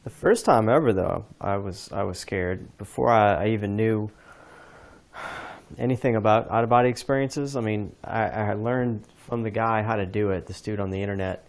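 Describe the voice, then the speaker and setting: Man, podcast host, low gravelly voice, rambling casual storytelling. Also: normal speed. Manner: rambling storytelling with frequent restarts and laughs. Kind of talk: casual chat.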